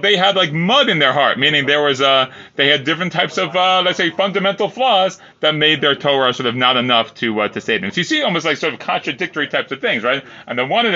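Bright-voiced man teaching Talmud. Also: a little high, dull audio. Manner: reads Aramaic lines then explains them loosely with fillers. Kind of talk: informal Talmud class, reading and translating.

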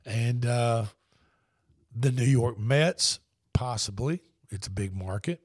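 A man's voice: mid-range voice, slow, husky, dry recording, studio quality. A man hosting a sports radio show, telling stories in a rambling, easygoing way. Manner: rambling storyteller with restarts. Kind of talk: casual sports talk.

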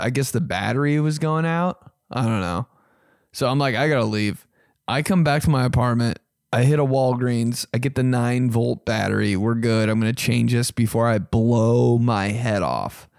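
A young man telling comic stories on his podcast, animated and profane, squeaking high to imitate a beeping alarm. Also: gravelly, no echo, studio quality. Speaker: comedian podcast host. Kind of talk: casual comedic storytelling.

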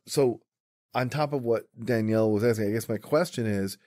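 A man's voice: fairly low pitch, fairly quick, warm tone, no echo. A man co-hosting a podcast, asking long, rambling questions with jokes. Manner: rambling, joking questions with restarts. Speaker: podcast co-host. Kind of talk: casual podcast chat.

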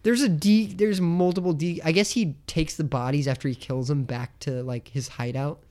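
Smooth-voiced young man, rambling. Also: fairly high pitch, steady tone, normal speed, dark tone. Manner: rambling, acts out characters' lines in silly voices, swears freely. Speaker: podcast co-host. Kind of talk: casual chat.

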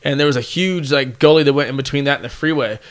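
A man in his thirties co-hosting a podcast, telling animated, rambling stories in profane casual banter. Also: mid-range voice, fast. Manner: animated storyteller, rambling with restarts. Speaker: podcast co-host.

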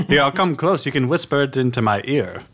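A man's voice: medium pitch, animated, moderate pace, fairly bright tone. A man voicing a pompous, theatrical male traveler in a tabletop game, speaking in a grand, soothing manner.

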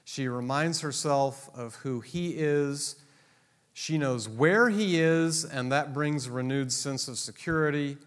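A man's voice: a little high, takes it slowly, clear, resonant tone. A man teaching a Bible class to a live audience, joking and teasing his listeners as he explains the text. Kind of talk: classroom lecture. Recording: long hall reverb.

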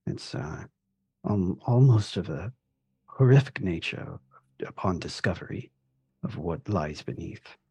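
A man's voice: deep voice, animated, measured pace, mellow, breathy edge, dry recording. A man playing his character in a tabletop game, speaking politely and thoughtfully. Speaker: player. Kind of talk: in-character tabletop role-play.

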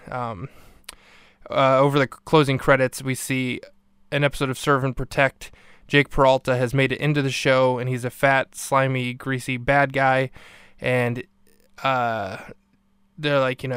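A man chats through a sitcom episode as a podcast host, rambling and full of fillers. His voice is smooth and clear, with a flat, even delivery. The recording is dry and close. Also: medium pitch, moderate pace, dry recording. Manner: rambling, filler-heavy recap. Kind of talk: casual episode review.

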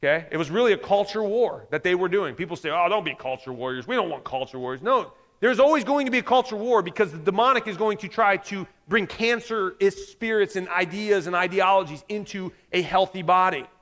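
High-voiced man preaching in a reverberant hall. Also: brisk, few pauses, fairly bright tone. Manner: conversational preaching with acted quotes. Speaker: pastor. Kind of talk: sermon.

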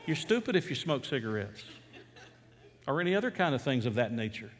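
A man's voice: medium pitch, big pitch swings, brisk, long reverb tail, some chatter behind. A middle-aged man from Atlanta, preaching a sermon as a pastor in a conversational, storytelling way with fervent emphasis. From Atlanta, USA.

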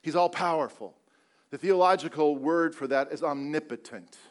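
A man preaching a sermon in a slightly high voice. He keeps it conversational and leans on rhetorical questions. He stretches out the words he wants to stress, then picks the pace back up. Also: moderate pace. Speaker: pastor.

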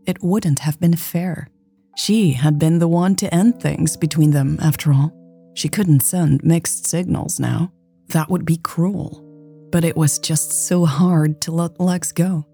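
A woman reads a romance story aloud in calm, even, scripted narration. Her voice sits low and sounds mellow and relaxed, with faint music playing under the reading.

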